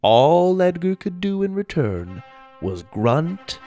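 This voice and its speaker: A male narrator reading a children's story aloud with animated, expressive delivery. His pitch rises and falls in wide, lively sweeps over a mid-range voice, with faint violin music underneath. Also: slow.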